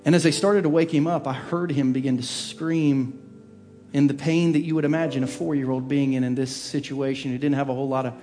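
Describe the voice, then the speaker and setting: A man preaching a sermon as pastor, telling a personal story in an earnest way that sinks into a hushed, soft voice at tender moments. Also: medium pitch, fairly even intonation, fairly quick, faint music behind.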